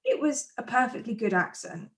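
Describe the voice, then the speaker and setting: A woman from England co-hosting a podcast, chatting casually and giving her opinions on a film's casting with quick asides. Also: on the high side, lively intonation, fairly bright tone. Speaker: podcast co-host. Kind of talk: casual film review chat.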